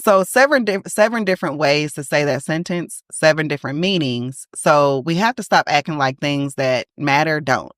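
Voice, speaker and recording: Low-voiced chatty woman podcast host. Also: normal speed, hardly any pauses, no room sound, clean studio sound. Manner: chatty, laughs often, emphatic. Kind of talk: casual chat.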